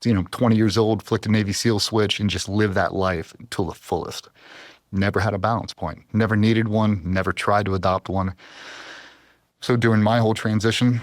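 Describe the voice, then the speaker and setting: Casting: low-voiced man, podcast guest, earnest and intense storytelling, dry studio sound. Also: steady tone, moderate pace, dry recording. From US East Coast. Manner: intense, heartfelt, emotional. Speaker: podcast guest, former Navy SEAL.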